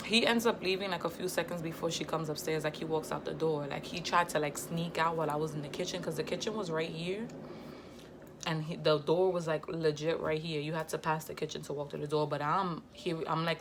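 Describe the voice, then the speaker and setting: A young woman telling a personal story on her vlog in a slangy, heated, lively way. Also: deep voice, slight background noise. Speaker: vlogger. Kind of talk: casual storytime.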